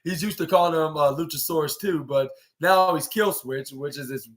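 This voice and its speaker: A man's voice: fairly high pitch, moderate pace, fairly bright tone. A man hosting a podcast, talking through a recap in loose casual chat with lots of filler words and paraphrased quotes. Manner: rambling, heavy use of filler words, retells scenes in paraphrased quotes. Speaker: podcast host.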